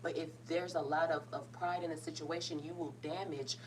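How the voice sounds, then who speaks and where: A woman's voice: low voice, steady tone, moderate pace. A woman giving a casual tarot reading, talking bluntly and emphatically, full of slang and swearing. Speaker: tarot reader. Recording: somewhat distant mic with faint noise.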